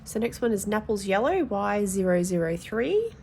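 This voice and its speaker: A woman's voice: mid-range voice, sing-song, moderate pace, vocal fry, a little mellow, a little hiss or hum. A woman with a stuffy, nasal voice from hay fever, chatting frankly as she swatches pencils for her colouring vlog. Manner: chatty, frank, thinking aloud. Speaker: adult colouring YouTuber. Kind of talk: casual swatch-testing vlog.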